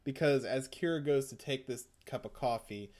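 A man's voice: mid-range voice, normal speed, darkish tone. A man retelling an episode in casual chat, rambling, swearing and laughing often.

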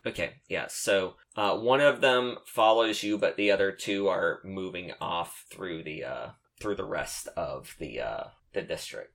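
A man running a tabletop game as game master, talking in a relaxed, halting way. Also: sits low, gravelly.

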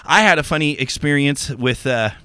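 A middle-aged man telling a profane, animated comic story on a podcast, acting out voices along the way. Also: a little high, moderate pace, clear, resonant tone, dry recording. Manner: profane, animated, acts out voices in his anecdotes.

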